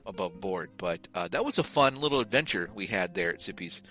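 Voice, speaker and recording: Man, podcast co-host, deadpan absurd humor, lively pitch, bright tone. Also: fairly quick, soft background music. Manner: deadpan absurd joking, reads a mock ad. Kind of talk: casual comedic chat.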